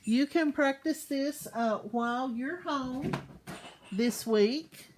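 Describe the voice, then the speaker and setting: A woman teaching young children in a slow online class, patiently sounding out words syllable by syllable. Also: high-pitched, a little hiss or hum.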